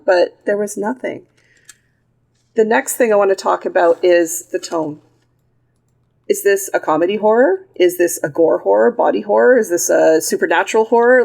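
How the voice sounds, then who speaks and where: A woman in a relaxed podcast chat, her voice sitting in a middling register. She is blunt and sarcastic and swears freely. Her talk is loose and conversational, full of quick asides. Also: medium pitch. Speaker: podcast co-host. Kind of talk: casual film review chat.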